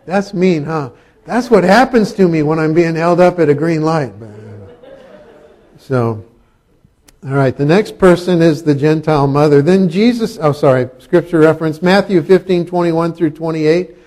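Pastor, middle-aged man, slightly high voice, chatty sermon with jokes. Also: normal speed, darkish tone. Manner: conversational preaching with asides and humor.

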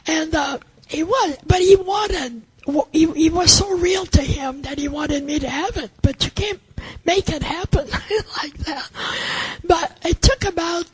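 Older woman, earnest testimony, halting delivery, high-pitched. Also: poor audio. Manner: halting, earnest storytelling with many restarts. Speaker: testimony speaker. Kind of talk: personal faith testimony.

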